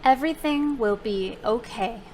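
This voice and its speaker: A woman running a live product demonstration, giving slow, deliberate spoken commands. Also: on the high side, darkish tone, a little hiss or hum.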